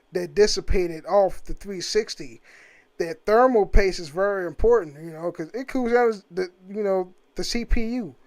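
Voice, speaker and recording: Brief: man, home gaming vlog, loose and profane, rambling, laughs a lot. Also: high-pitched. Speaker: gaming vlogger. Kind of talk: casual rambling monologue.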